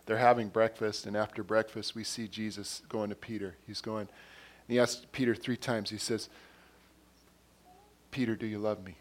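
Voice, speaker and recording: A man's voice: on the low side, flat delivery, normal speed. A man preaching a sermon in a conversational way, retelling scenes with quoted dialogue and often repeating and restarting words. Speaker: pastor.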